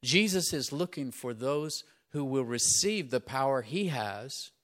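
A middle-aged male pastor preaching a sermon, conversational with asides of "right?" and rising loud and emphatic on his key points. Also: medium pitch, expressive, a little slow.

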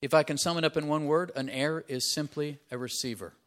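A middle-aged male pastor preaching a sermon, conversational with asides of "right?" and rising loud and emphatic on his key points. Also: fairly high pitch, fairly quick.

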